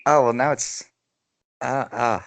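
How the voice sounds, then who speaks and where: A man's voice: medium pitch, takes it slowly, gravelly. A man hosting a podcast in casual chat, laughing often and tripping over repeated words. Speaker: podcast host.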